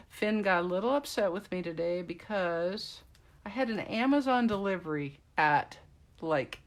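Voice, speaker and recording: A woman's voice: lowish voice, creaky. Chatty woman demonstrating a craft. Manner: chatty, rambling asides to live viewers. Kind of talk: casual craft tutorial.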